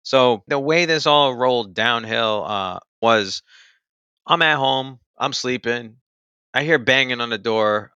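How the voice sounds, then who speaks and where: Guy telling his own story real casual, bright tense voice, dry close sound, lots of "like"s. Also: mid-range voice, takes it slowly, smooth, no echo, lo-fi sound. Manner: loose and conversational, many fillers like "like" and "you know". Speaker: storyteller recounting own experience.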